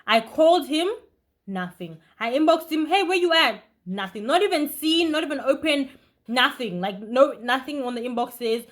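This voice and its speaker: Young woman vlogging a storytime, fast and animated, a bit high-pitched. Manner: animated, chatty, talks fast with bursts of emphasis. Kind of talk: casual storytime vlog.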